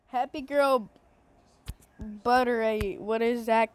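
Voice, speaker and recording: A woman with a high voice chats over her gameplay in a slow, unhurried way, breaking into giggles often. She sounds excitable and playful, with faint noise in the background. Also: rough recording. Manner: giggly, excitable, laughs a lot. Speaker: gaming streamer. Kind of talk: casual gameplay chatter. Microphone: handheld microphone.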